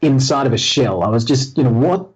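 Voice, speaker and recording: A man's voice: mid-range voice, fast, breathy edge. A man, a guest in a casual interview, telling his story candidly with self-deprecating humor and many restarts. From Australia. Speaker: guest entrepreneur. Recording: slightly muffled lo-fi audio.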